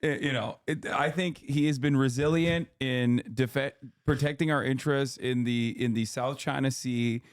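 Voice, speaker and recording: A man hosting a stream, chatting casually with deadpan irony and swearing. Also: mid-range voice, normal speed, few pauses, clear, resonant tone. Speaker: streamer host. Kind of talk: casual comedic chat.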